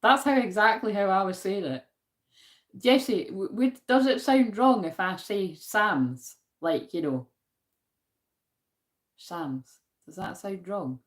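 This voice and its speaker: Her pitch is medium and her delivery animated but unhurried. A Glasgow-accented Scot, she hosts a spiritual card-reading live stream, chatting casually, reading verses, laughing frequently, joking at her own expense and responding to viewers.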